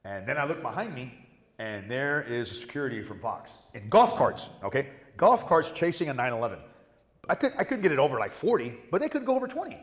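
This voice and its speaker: A man's voice: mid-range voice, big pitch swings, a little fast. A man on a convention panel, telling a story with lots of swearing and acting out the voices of the people in it. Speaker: panel guest. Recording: roomy hall with long reverb.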